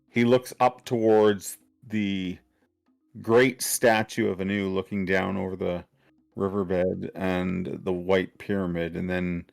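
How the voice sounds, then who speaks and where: Man, game master, low gravelly voice, halting narration. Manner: halting, descriptive, many fillers.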